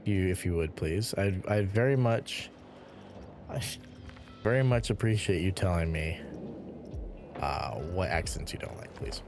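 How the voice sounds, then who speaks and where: A young man streaming a game, chatting casually and answering his viewers in a jokey, animated way. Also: deep voice, unhurried, creaky, long pauses, music in the background. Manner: animated, reads and answers chat aloud, jokey. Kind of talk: casual livestream chat while gaming.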